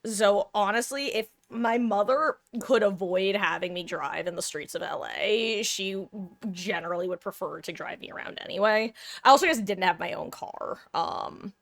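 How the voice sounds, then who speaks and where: A young adult woman from Southern California chats casually with her stream viewers, rambling and poking fun at herself while swearing freely. Her voice sits at a medium pitch with a fairly bright tone, and she speaks at a normal pace. The recording is dry and studio quality.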